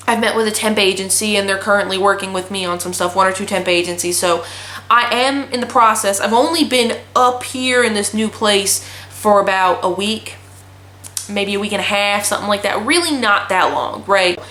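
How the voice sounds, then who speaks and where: A woman's voice: medium pitch, normal speed, a bit bright. A young woman in her twenties vlogging casually, telling a story in a blunt, profane ranting way. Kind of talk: casual chat. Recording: echoey room.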